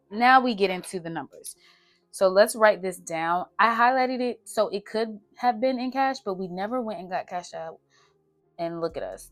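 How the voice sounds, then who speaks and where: A young woman, chatting casually through her budget and talking to herself as she adds up numbers. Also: medium pitch. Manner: chatty, talks to herself while doing math. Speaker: budgeting vlogger.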